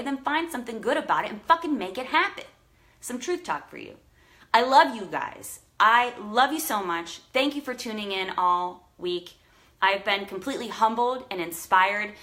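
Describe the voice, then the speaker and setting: Bright, effusive woman giving a pep talk. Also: mid-range voice. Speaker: life coach. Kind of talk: emotional motivational vlog.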